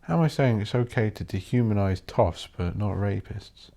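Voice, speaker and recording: A man with a very low voice, hosting his own podcast alone. He rambles and thinks out loud in a blunt, sweary, offhand way. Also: normal speed, vocal fry. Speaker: podcast host. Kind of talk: rambling solo podcast monologue.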